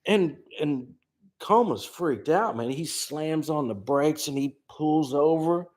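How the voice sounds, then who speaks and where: A man's voice: fairly high pitch, animated, takes it slowly, a little mellow. A man, a singer-songwriter host telling rambling, laid-back stories in his living room and putting on friends' voices. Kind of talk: casual storytelling chat.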